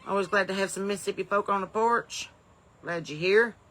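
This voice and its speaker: Woman comedian, crisp and sharp-toned, runs a casual live stream from her porch with an upbeat, folksy flow. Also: medium pitch, fairly quick, a little hiss or hum. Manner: folksy, upbeat, bursts of loud welcomes between rambling asides. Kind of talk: chatty live-stream greetings to viewers. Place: home porch in the evening.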